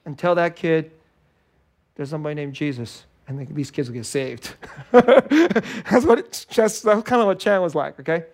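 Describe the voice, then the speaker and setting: A male pastor preaching a sermon in an animated way, acting out little scenes and laughing often. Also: on the high side, moderate pace. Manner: animated, acts out scared and joyful voices, laughs often.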